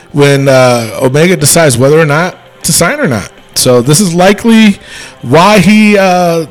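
Animated high-voiced man podcasting. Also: poor audio. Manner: animated, rambling with restarts. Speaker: podcast co-host. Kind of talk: casual wrestling podcast chat.

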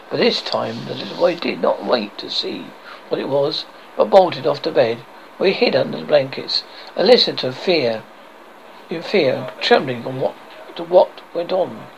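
Man with a gravelly voice reading a fairy tale. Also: fairly high pitch, slight background noise, rough recording. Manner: expressive, stumbling over words. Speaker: horror host. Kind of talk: storybook reading.

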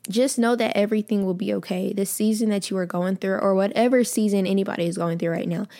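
A woman's voice: medium pitch, steady tone, quick pace, dark tone. A young woman hosting a faith podcast, talking casually and earnestly, often calling listeners y'all and repeating phrases for emphasis. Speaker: podcast host.

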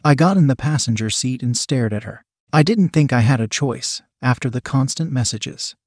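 A man narrates a first-person story at a middling pitch, recorded close to the mic in a dry space. His delivery is wry and lightly humorous. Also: normal speed, a little mellow, breathy edge, no echo.

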